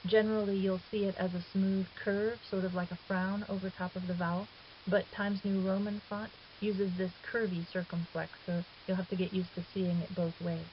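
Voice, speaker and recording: A woman calmly explaining a grammar lesson as a recorded teacher, patient and step by step, now and then correcting herself. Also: medium pitch, normal speed. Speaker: Greek teacher. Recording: dull hissy lo-fi 2009 recording.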